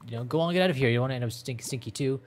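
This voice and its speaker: A man's voice: medium pitch, very fast, close to an everyday voice. A man voicing a stressed, fussy middle-aged woman in a game, harried and talking in a rush. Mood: flustered.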